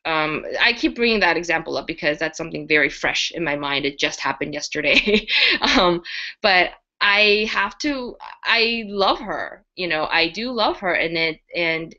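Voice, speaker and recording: A woman's voice: fairly low pitch, animated, normal speed, pushed and bright. A woman co-hosting a casual talk show, sharing personal stories in a hesitant way with many fillers. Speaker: co-host. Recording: dull lo-fi audio.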